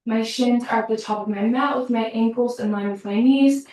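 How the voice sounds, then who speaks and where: A pilates instructor with a fairly high, darkish voice cues a workout at normal speed, breathless as she counts down reps and urges her class on. A laptop across the echoey room picks her up from a distance.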